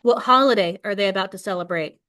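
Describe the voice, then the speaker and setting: Brief: woman teacher, expressive read-aloud of a novel to a class, then plain questions for the students. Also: medium pitch, quick pace. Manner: expressive read-aloud, voicing quoted lines with more force.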